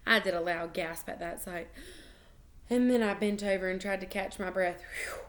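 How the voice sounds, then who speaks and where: A woman reading a children's book aloud, expressive and animated, with small slips and restarts. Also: medium pitch, normal speed. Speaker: reader.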